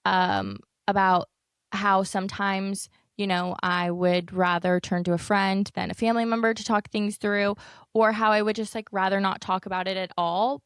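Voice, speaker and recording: A woman's voice: mid-range voice, moderate pace, smooth, dry recording, studio quality. A young woman hosting a solo podcast, talking candidly in a chatty, rambling way full of fillers. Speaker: podcast host. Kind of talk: casual solo podcast chat.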